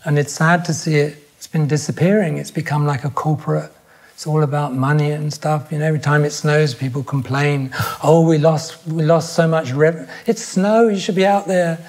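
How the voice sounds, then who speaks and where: An older man talks in a relaxed podcast conversation. His voice is gravelly and sits a little high for a man, and he searches for words, restarting his sentences as he thinks aloud. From England. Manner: thoughtful, with halting restarts. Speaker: podcast guest. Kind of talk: reflective conversation.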